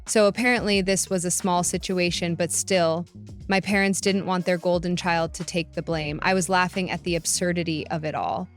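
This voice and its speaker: A young woman narrates her own family drama with sarcasm and indignation. Her voice sits fairly low, and faint music plays underneath. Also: steady tone, moderate pace. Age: young adult. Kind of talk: first-person story narration.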